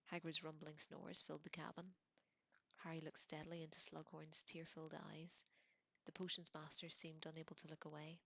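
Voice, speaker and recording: A woman reading a novel aloud in a soft, hushed whisper, as whispered role-play. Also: sits low, level tone, normal speed, creaky, no room sound. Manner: gentle, hushed storytelling. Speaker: audiobook reader.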